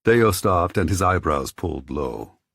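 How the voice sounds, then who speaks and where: A man narrating an audiobook in the first person with a measured, low-key delivery. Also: lively intonation, vocal fry, a bit bright, slightly rough, no room sound.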